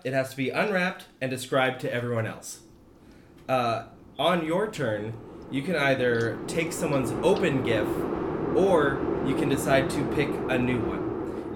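A man's voice: medium pitch, normal speed, heavy background noise. Laid-back male game master. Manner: relaxed, laughing, lots of fillers. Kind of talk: casual tabletop game narration. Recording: roomy echo.

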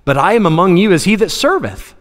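A man preaching a sermon, animated, acting out Bible scenes in different voices and laughing often. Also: sits high, a little fast. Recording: long hall reverb.

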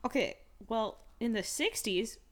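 A woman's voice: a little high, animated, a little slow. A woman on a podcast in casual chat, mostly agreeing with short replies and laughing along. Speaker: podcast guest or co-host.

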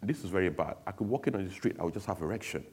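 A man's voice: low voice, animated, rapid-fire, darkish tone, husky. A man giving a candid, emotional personal testimony to an audience, speaking bluntly.

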